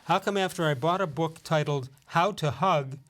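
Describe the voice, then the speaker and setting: Brief: middle-aged host, a touch high-pitched, jokey and chuckling, reads corny puns to his cohost. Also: normal speed, fairly bright tone, slight background noise. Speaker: talk show host. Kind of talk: casual radio banter, reading listener jokes.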